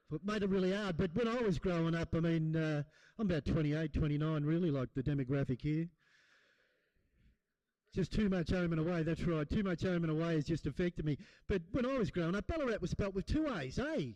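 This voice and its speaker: A middle-aged Australian man doing stand-up, rambling and blokey as he chats to the crowd. His voice sits high for a man and sounds close and dry, with no room around it. He talks in loose asides and rough, matey jokes. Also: brisk, mellow, dry recording, low-quality recording. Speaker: stand-up comedian. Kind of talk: stand-up comedy set. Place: comedy gig in a hall.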